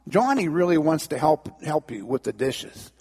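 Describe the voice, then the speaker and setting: A sly, bossy little girl, as a preacher puts her on, wheedling in a high, sing-song voice. Her words ring out in a long reverb, with a gravelly edge underneath. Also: sing-song, normal speed, darkish tone, full character voice. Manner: wheedling, taunting.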